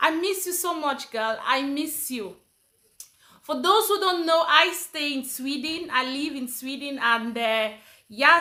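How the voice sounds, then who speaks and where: Woman from Africa, high voice, friendly livestream host who chats and greets her viewers by name. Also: bright, forceful tone. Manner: chatty, greets viewers by name, switches between English and Swedish. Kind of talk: casual livestream chat. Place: home in Sweden.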